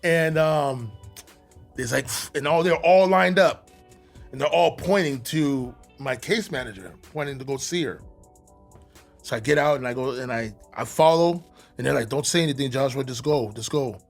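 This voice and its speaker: Middle-aged male podcast guest, animated and profane storyteller, slightly high pitch. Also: moderate pace, vocal fry, faint music behind. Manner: animated, profane, with frequent restarts. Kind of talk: casual storytelling.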